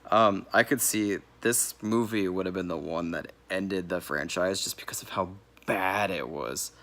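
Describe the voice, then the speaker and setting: Low gravelly man reviewing movies. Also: measured pace, fairly bright tone. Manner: rambling, corrects himself mid-sentence; laughs now and then while talking.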